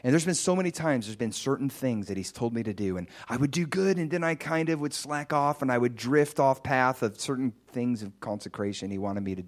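A man preaching a sermon, telling a personal testimony in an animated storytelling way, with sudden high, excited bursts. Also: a little fast, few pauses.

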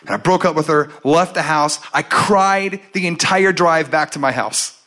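A man preaching a sermon and telling a personal story, acting out the voices in it with lively storytelling. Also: a little high, unhurried. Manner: animated storytelling, acts out his own and God's lines.

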